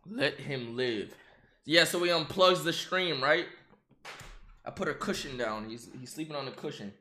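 A young man streaming a casual reaction to a video, excitable and quick to swear and burst out laughing. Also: a little high, roomy sound.

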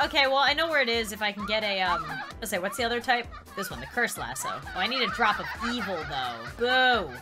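A woman giving excitable let's play commentary, squealing and laughing often as she plays. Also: fairly high pitch. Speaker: gaming YouTuber.

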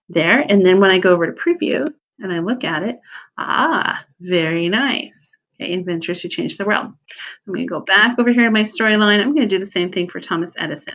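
A woman giving a relaxed screen-recorded software tutorial, thinking aloud with fillers and small self-corrections. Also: medium pitch, highs cut off.

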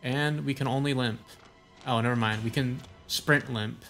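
A man's voice: medium pitch, steady tone, normal speed, fairly bright tone, soft background music. A young man giving casual let's-play commentary, reacting with crude, sarcastic jokes. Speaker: gaming voice-over streamer.

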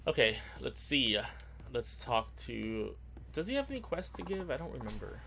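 A man's voice: medium pitch, sing-song, moderate pace, gravelly, fairly bright tone, slight background noise. A man casually commenting while he plays a video game, laid-back and thinking aloud. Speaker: streamer playing a game. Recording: music from the game behind.

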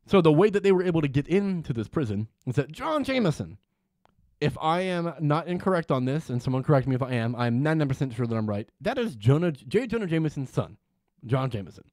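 A man's voice: a little high, sing-song, quick pace, darkish tone, no echo. A man hosting a casual podcast chat, who swears freely, laughs often and retells scenes with energy. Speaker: podcast host.

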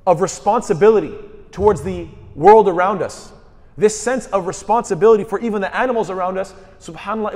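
A man's voice: high voice, a little mellow, long reverb tail. A man delivering a sermon, asking rhetorical questions and quoting scripture in Arabic. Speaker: speaker at a mosque.

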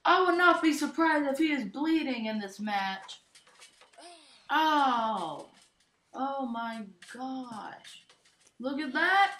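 Young girl calling a toy wrestling match, slow-ish delivery, keeps yelling oh my gosh, roomy echo. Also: high-pitched. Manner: frequent excited exclamations and shouts. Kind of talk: excited play-by-play commentary of a toy match. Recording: echoey room.

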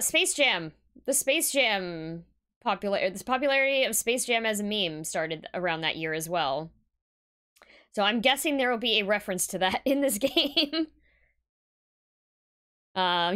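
A woman's voice: on the high side, sharp tone, clean tone. A woman streaming a game, chatting casually and giggling as she greets viewers. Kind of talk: casual live-stream chat. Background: music.

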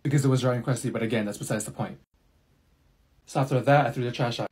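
A man voicing a sleepy teenage schoolgirl who rambles on in a low, mumbling drone in a comedy sketch. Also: fast, a little mellow, slightly rough, natural voice. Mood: droning.

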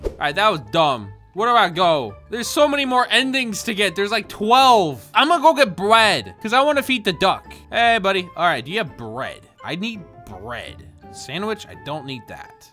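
A gaming video host giving playful, jokey commentary while playing, often excited and talking to viewers. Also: mid-range voice, normal speed, hardly any pauses, soft background music.

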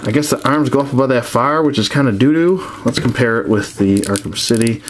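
A man's voice: medium pitch, brisk, slight background noise. A man casually reviewing action figures, rambling with many restarts and frank complaints.

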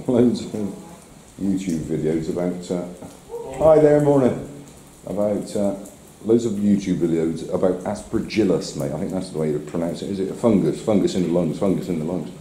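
A man's voice: deep voice, normal speed, mellow, rough recording. A middle-aged man chatting casually to his camera and his dog while outdoors, often poking fun at himself. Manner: chatty, talks to his dog, self-mocking laughs. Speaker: vlogger walking his dog. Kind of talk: casual outdoor vlog chat. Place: outdoors on a rainy seafront. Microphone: handheld camera. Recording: faint outdoor noise.

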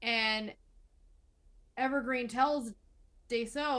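A chatty woman co-hosting a casual film review podcast, her voice sitting fairly high. She recaps scenes in a loose, conversational way, with plenty of fillers along the way. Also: normal speed, fairly bright tone. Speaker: podcast co-host.

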